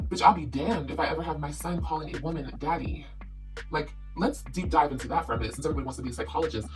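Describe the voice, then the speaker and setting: A woman's voice: sits low, racing, faint music behind. A woman vlogger ranting at her critics, blunt, confrontational and heavily profane. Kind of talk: ranting live video.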